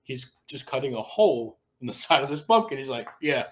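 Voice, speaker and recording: A man's voice: mid-range voice, big pitch swings, brisk, slight background noise. A man hosting a podcast, casually retelling a scene in a crude, laughing way. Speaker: podcast host.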